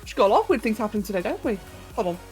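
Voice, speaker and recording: A young British woman streams a game while chatting casually with her viewers, over soft background music. Her mid-range voice is sing-song, rapid-fire and darkish, her throat a little sore. She's giggly and rambling, talking directly to chat.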